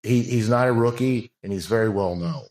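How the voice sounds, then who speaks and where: This man, a bodybuilding coach on a podcast, talks in a mid-range voice with a darkish tone and a brisk pace. It's casual interview talk, and his story comes out frank and rambling, full of fillers and false starts.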